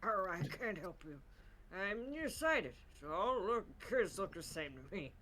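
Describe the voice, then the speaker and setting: A grouchy, nearsighted old man who can't abide children, as a woman puts him on while reading lines with friends. The voice stays bright and cutting under the grumble. A faint hiss sits in the background. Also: mid-range voice, sing-song, a little slow. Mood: grumbling. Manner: cranky, mocking, playful exaggeration. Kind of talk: voicing game dialogue with friends.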